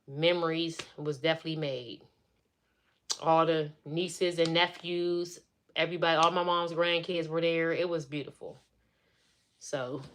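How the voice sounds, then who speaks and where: A middle-aged woman chatting on a live stream, venting as she retells family drama in a casual way. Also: deep voice.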